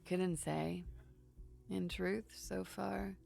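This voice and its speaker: A woman voicing a wry young woman in her twenties in a video game, slow and deadpan. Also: on the low side, vocal fry, soft background music, exaggerated voice. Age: 20s. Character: young woman, wry, dry-humored, smoking. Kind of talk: dubbed game dialogue.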